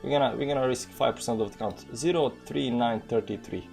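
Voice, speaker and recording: This is a brisk, gravelly, somewhat mellow man's voice in the mid range, with faint music behind it. Speaking with a Balkan accent, the man, who comes from the former Yugoslavia, rambles casually through live crypto trades, full of fillers and spoken-out numbers.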